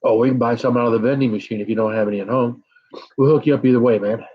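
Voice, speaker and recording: A man's voice: mid-range voice, steady tone, rapid-fire, husky, lo-fi sound. A middle-aged man hosting a casual live stream, chatting with viewers and blowing out breaths while his mouth burns from hot peppers. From United States. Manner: sighing and blowing out breaths from chili burn.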